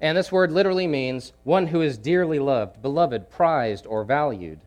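A man preaching a sermon, emphatic, repeating key phrases and swinging between loud pushes and hushed asides. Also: on the high side, animated, moderate pace.

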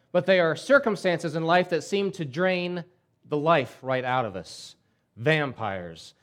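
A male pastor delivering a sermon in a conversational storytelling way, often restarting his words. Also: fairly high pitch.

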